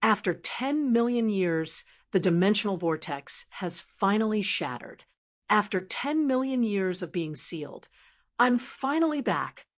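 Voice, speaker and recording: An ancient male demon god full of hatred, given voice in a fantasy audiobook by a woman narrator. The delivery stays flat and even, with a middling pitch and no growl put on. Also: a little slow, natural voice. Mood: gloating.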